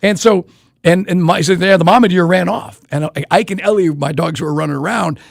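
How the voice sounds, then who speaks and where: A man co-hosting a sports radio show, telling stories in an animated casual chat from a studio microphone. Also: sits high, creaky, no room sound. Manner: animated storytelling, quick and chatty.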